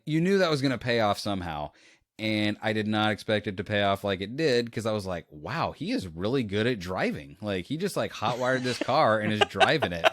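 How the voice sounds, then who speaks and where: A man co-hosting a podcast, chatting casually about a movie and retelling scenes in a rambling, animated way. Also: fairly low pitch, dry recording, clean studio sound. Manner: rambling, animated retelling with quoted lines and laughs. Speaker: podcast co-host. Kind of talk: casual movie review chat.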